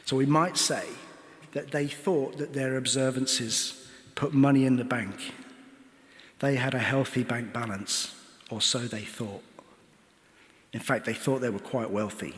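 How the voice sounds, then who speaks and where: A man's voice: medium pitch, unhurried, long pauses. Man preaching a sermon in a reverberant church. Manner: earnest storytelling, poses rhetorical questions.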